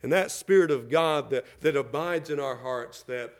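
Speaking at a moderate pace in a medium-pitched voice, this middle-aged man preaches as pastor. He builds his argument through repetition, shifting between booming appeals and gentle, tender moments.

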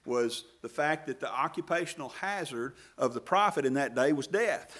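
A man preaching a sermon in a folksy manner, acting out quoted voices and swinging from loud emphasis to near whisper. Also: a little high, animated, moderate pace, slightly rough.

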